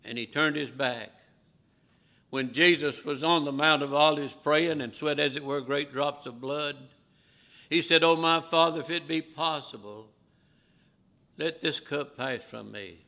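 A man preaching a sermon with fervor, his voice swinging from loud, emphatic lines to hushed ones. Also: on the high side, measured pace.

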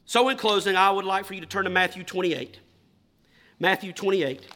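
Speaking as though in front of his own congregation, a preacher with a bright, high voice alternates between loud, deliberate emphasis and quiet questions put to the listeners.

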